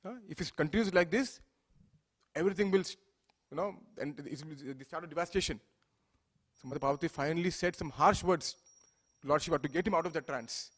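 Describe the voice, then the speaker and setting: A man's voice: on the high side, fast talker. Man preaching with storytelling. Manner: acts out the deities' speech with rising loudness, asks listeners "right?". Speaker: speaker giving a temple lecture. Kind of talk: sermon with storytelling.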